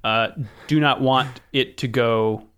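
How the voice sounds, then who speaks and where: A man co-hosting a casual podcast, relaxed and wry with short reactions. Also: medium pitch, slow pace, smooth. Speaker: podcast co-host. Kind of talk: casual chat.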